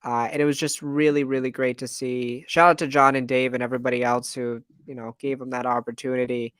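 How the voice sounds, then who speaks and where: Smooth-voiced man on a podcast. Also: mid-range voice, level tone, brisk, a bit bright, dry recording, studio quality. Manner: enthusiastic, many fillers. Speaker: podcast co-host. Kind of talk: casual podcast chat.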